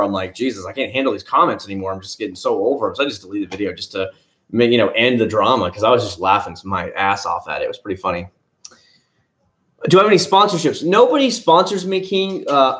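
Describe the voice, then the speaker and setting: A middle-aged man chatting loosely on a live stream, with a middle-pitched voice. He rambles from one tangent to the next, greets viewers by name and swears freely. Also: a bit bright. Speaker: car vlogger reading live chat. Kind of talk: casual live-stream chat.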